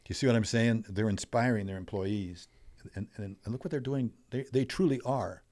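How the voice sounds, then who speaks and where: Deep-voiced older man telling stories. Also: normal speed. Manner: animated storyteller, rising and falling in loudness. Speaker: podcast guest, wealth coach. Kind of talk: storytelling in a podcast interview.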